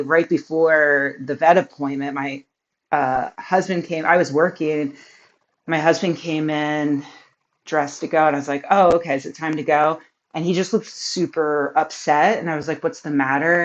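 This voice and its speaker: A woman in her thirties tells a story from her home office in a low, unhurried voice. She rambles and fills pauses with "like" and "um," and she laughs easily. The sound is a little dull and lo-fi. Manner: chatty, rambling with many fillers and laughs. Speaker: vlogger. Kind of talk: casual storytelling to camera.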